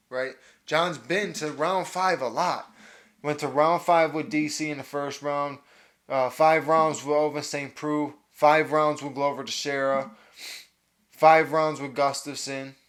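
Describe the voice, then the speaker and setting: A young man hosts his podcast alone, talking through fight predictions with eager energy. His voice sits a little high for a man, and he stumbles into repeats and restarts as his thoughts run ahead. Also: fairly bright tone. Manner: enthusiastic, repeats words and restarts often. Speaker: podcast host. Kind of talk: solo fight breakdown.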